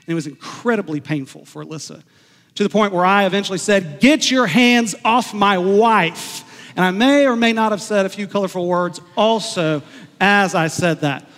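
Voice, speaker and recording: A man preaching a sermon as pastor, earnest and storytelling, slowing down to stress key words. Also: high voice, fairly bright tone, big-room sound.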